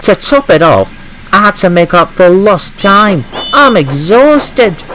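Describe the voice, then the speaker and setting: A man's voice: high voice, very animated, slow, sharp tone, a little hiss or hum, pitched above the performer's own voice, exaggerated voice. A man putting on a whiny, dramatic steam engine. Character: vain, self-pitying red male steam engine. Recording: music playing behind.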